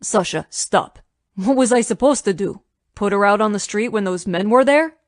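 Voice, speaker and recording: A woman reading a commanding billionaire man in his thirties, protective and insistent, his lines pitched low and steady in a dry, close audiobook recording. He speaks calmly and firmly. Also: moderate pace, dry recording, lightly acted.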